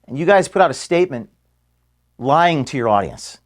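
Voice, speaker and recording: A man, the founder of an organization, recording an earnest farewell statement to his staff from his office, moving between firm declarations and quiet, emotional passages. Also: a little high, animated, normal speed. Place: office at headquarters.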